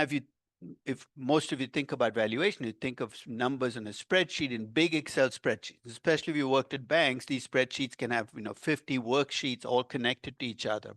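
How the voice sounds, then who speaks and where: A man's voice: medium pitch, no room sound. Older man lecturing, dry close sound. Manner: animated, asks the class questions, stresses key words. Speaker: finance professor. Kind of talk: university lecture. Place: lecture room.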